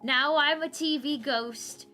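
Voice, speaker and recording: A woman's voice: high voice, slow pace, pushed and bright, faint music behind, heavily acted. A woman voicing a snivelling male ghost who warns his old partner, in a whiny put-on voice. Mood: mournful. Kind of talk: comic read aloud with voices.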